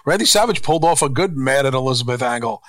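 A man's voice: mid-range voice, lively intonation, quick pace, a bit bright, no echo. A man co-hosting a podcast, ranting bluntly and profanely in casual chat. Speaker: co-host.

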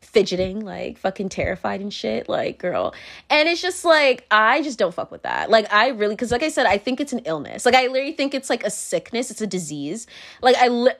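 A young woman talking straight to camera in a blunt, rambling, swear-heavy monologue, often breaking into laughter. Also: medium pitch. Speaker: vlogger.

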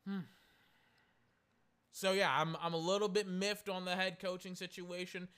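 Brief: high, bright male sports commentator, exasperated solo rant, keeps correcting himself. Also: little pitch movement, normal speed, smooth.

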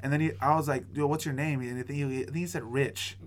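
A man's voice: medium pitch, fairly even intonation, quick pace, a little hiss or hum. A young man hosting a podcast, telling a story in casual chat, rambling with lots of fillers and acting out what people said. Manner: rambling, lots of "like" and "dude", acts out quotes. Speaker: podcast host.

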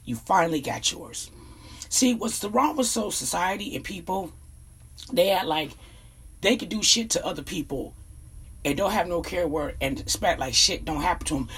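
Blunt cussing woman ranting her take, kinda husky, voice jumps all over. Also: mid-range voice, expressive, normal speed, a bit bright. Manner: blunt, profane, emphatic. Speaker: vlogger giving opinions. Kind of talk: casual commentary rant.

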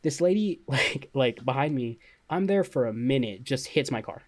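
A man's voice: mid-range voice, lively intonation, moderate pace. Young man telling stories casually. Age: young adult. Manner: laid-back storytelling, frequent fillers and laughs. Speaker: podcast co-host. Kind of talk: casual chat.

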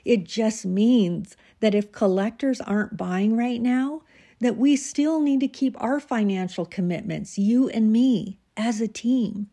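A woman's voice: fairly high pitch, unhurried, mellow, voice pushed up. A woman voicing a patient wife who pleads with and soothes her husband. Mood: soothing.

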